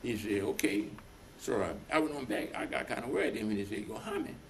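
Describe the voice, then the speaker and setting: A man's voice: on the low side, expressive, a little fast, gravelly, slight background noise. An older man in an oral history interview, telling stories at length and acting out the voices of the people in them. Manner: rambling, retells dialogue in voices. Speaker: veteran being interviewed.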